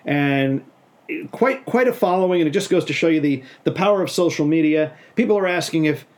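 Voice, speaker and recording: A middle-aged man co-hosts a podcast in a relaxed, joking manner. His voice sits a little higher than most men's. He tells stories and laughs easily. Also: brisk. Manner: jokey storyteller, laughs often. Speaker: podcast co-host. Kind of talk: casual chat.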